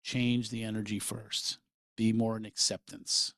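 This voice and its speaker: A middle-aged man hosting a podcast, telling a personal story in an animated way and acting out what others said. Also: lowish voice, unhurried, no room sound, clean studio sound. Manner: animated, quotes people in lively voices. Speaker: podcast host.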